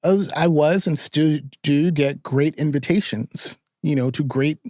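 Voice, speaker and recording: A middle-aged man from New York, a podcast guest telling stories in a lively, profane, laughing way. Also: on the high side, unhurried, no echo, studio quality. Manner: animated, profane storytelling with frequent laughter. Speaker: podcast guest, therapist and filmmaker. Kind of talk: casual storytelling interview.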